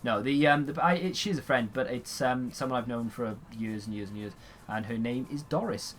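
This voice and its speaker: With a medium-pitched voice at a moderate pace, a young man chats casually while playing a game and answering viewer questions. He rambles, gets sarcastic, and yawns often, over faint background noise.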